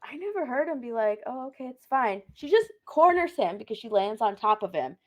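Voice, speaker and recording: A woman co-hosting a casual review chat, lively and incredulous, ranting and acting out quotes. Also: fairly high pitch, fairly quick.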